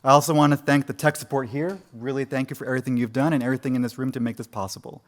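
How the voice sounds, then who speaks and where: A man's voice: mid-range voice, steady tone, rapid-fire. A man opening a university conference in a lecture room, formally thanking sponsors and introducing the keynote speaker. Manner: formal, reads out a list of thanks.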